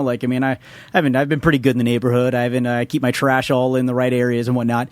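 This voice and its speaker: A man's voice: mid-range voice, fairly even intonation, very fast, dry recording. A man casually telling a rambling, profane anecdote on a podcast. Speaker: guest storyteller.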